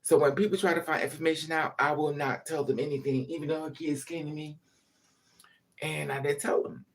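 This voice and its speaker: A vlogger with a fairly high, fairly even-toned voice talks quickly to camera, telling candid stories about his family. His delivery is blunt, profane and emphatic, full of asides.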